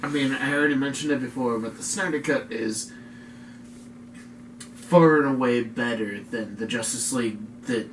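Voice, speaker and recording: A man's voice: mid-range voice, normal speed. A man chatting casually as a podcast co-host, rambling and laid-back, filling his talk with "like". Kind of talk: casual chat. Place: room in a home. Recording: echoey room, distant mic, faint noise.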